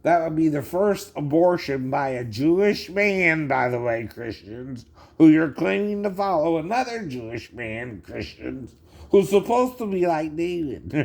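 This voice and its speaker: A man's voice: on the high side, gravelly, a little mellow. A man in his fifties giving rambling commentary on a video, chuckling often and tagging his sentences with "right?".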